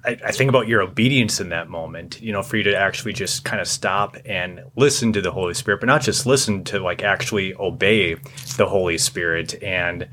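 A man's voice: deep voice, fairly quick, pushed and bright, a little hiss or hum. A man hosting a faith-based interview, reflective and encouraging as he asks questions. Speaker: interview host.

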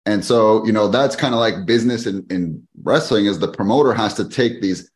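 A middle-aged man, a guest on a podcast, telling a story in a lively, fast-moving way. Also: fairly low pitch. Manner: animated, fast-paced storyteller who acts out quoted people. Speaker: podcast guest, fitness business owner. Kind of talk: casual storytelling interview.

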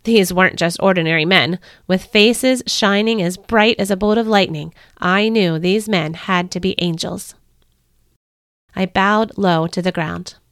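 A woman hosting a devotional podcast, reading a first-person story in an earnest, measured way. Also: medium pitch, vocal fry, fairly bright tone, dry recording, clean studio sound.

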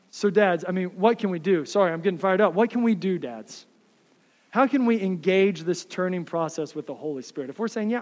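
A man in his thirties, a pastor preaching a sermon, swinging from fired-up passion to quiet, close asides. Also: high voice, big-room sound. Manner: impassioned, builds up then drops to soft asides.

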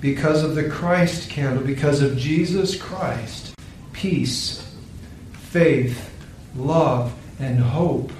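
A man preaching, telling a sermon story in a slow, solemn, hushed way. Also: medium pitch, slight background noise. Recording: very echoey room, distant mic.

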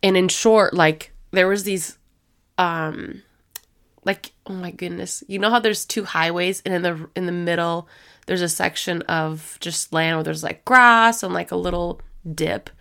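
A woman's voice: on the low side, steady tone, measured pace, vocal fry, a bit bright. A woman hosting a faith-based podcast, talking in a chatty, rambling way and acting out little quoted voices as she goes. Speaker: podcast host.

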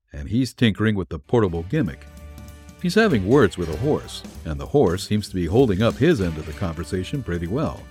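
A man's voice: low voice, darkish tone. A man reading a vintage pulp story aloud in a wry, hard-boiled first-person manner. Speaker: narrator.

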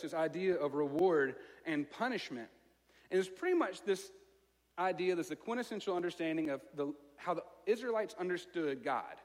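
A man with a Southern American accent preaching a sermon in a conversational, self-mocking way, telling a story with lively asides. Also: fairly high pitch. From Alabama, US. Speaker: pastor. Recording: long reverb of a large hall.

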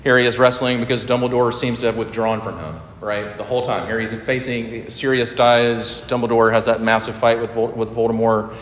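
A male pastor delivers an earnest sermon and prayer in a mid-range voice. He surges up in pitch and loudness whenever he drives a point home. The recording is roomy, with the long reverb of a large hall. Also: little pitch movement, a little fast, few pauses, a little hiss or hum.

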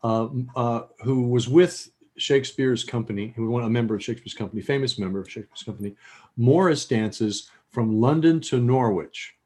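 Laughing, husky-voiced male podcast host. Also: medium pitch, fairly quick, darkish tone. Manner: laughs often, stumbles over words. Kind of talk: casual podcast chat.

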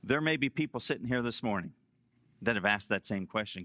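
A male pastor delivers a sermon with emphatic stresses and repeated key lines. His lowish voice has a forceful, bright edge. The sound is close and dry, with a lively sweep between loud and quiet phrases. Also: a little fast, no echo.

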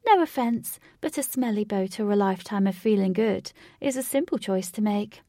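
A woman's voice: mid-range voice, animated, normal speed, mellow, dry recording, studio quality, lightly acted. A woman reading aloud, voicing a breezy, dismissive young princess in a storybook.

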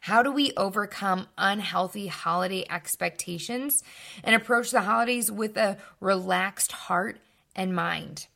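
A young adult woman giving calm, earnest advice, slowing down to stress key words. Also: mid-range voice, creaky. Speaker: speaker giving life advice. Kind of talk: calm scripted talk to camera.

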